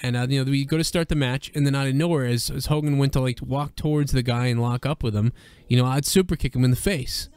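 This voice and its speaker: A man hosting a casual, profane wrestling chat, talking excitedly and laughing often. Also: mid-range voice, fast, clean tone, no echo. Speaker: podcast host.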